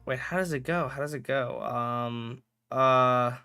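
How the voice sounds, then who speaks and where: A man's voice: medium pitch, slow pace, bright, forceful tone, smooth, soft background music. A young man chatting casually on a live stream while playing a game, rambling, correcting himself and joking with chat. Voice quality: rambling, self-correcting, jokey.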